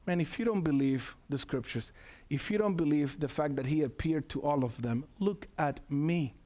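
A man's voice: fairly high pitch, moderate pace, dark tone. A man preaching an emphatic sermon, calling out to the congregation and repeating key phrases for weight.

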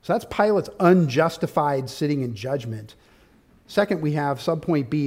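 A man preaching an expository sermon, walking through his outline point by point and rising to forceful, loud peaks of emphasis. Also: a little high, expressive, moderate pace. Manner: outlined teaching with subpoints. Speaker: pastor.

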